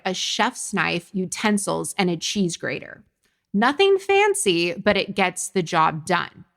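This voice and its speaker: A woman hosts a solo podcast and teaches with bright energy. Her voice sits low and carries a gravelly fry. She leans on playful comparisons to make each point land. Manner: energetic, explanatory, uses kitchen metaphors. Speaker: podcast host and coach.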